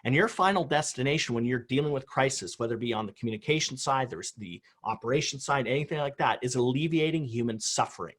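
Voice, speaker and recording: A man's voice: medium pitch, expressive, fast talker, hardly any pauses, fairly bright tone. A middle-aged man giving an emphatic motivational conference talk over a video call, driving home key phrases by repeating them. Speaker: conference speaker on crisis response.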